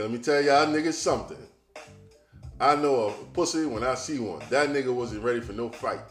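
A man hosting a podcast, talking in a loose, profane and animated casual monologue straight to his listeners. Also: medium pitch, echoey room. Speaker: podcast host.

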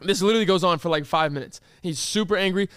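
Young man with a high voice, dry. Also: fast talker, smooth, no echo. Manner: animated, lots of fillers. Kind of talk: casual storytelling.

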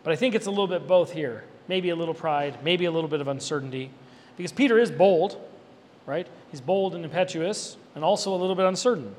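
A man preaching an expository sermon, animated and emphatic, with conversational asides to his listeners. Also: a little high, fast talker. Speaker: pastor. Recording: reverberant hall with faint background noise.

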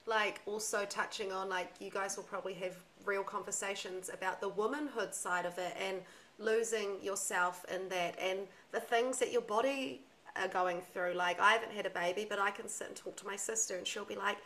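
A woman's voice: mid-range voice, fairly even intonation, moderate pace, a bit bright, rough recording. A young woman in a casual podcast chat, talking candidly and emphatically and swearing freely.

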